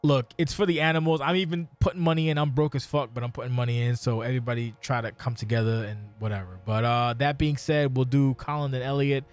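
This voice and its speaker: A man's voice: mid-range voice, fairly even intonation, fast talker, few pauses, clean tone, soft background music. A man hosting a casual podcast, swearing a lot and ranting in mock outrage. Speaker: podcast host.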